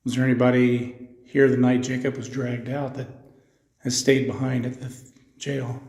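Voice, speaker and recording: A man on a ghost-hunting session, asking spirits slow, measured questions inside an old jail. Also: medium pitch, little pitch movement, darkish tone. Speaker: paranormal investigator. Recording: echoey old jail cell.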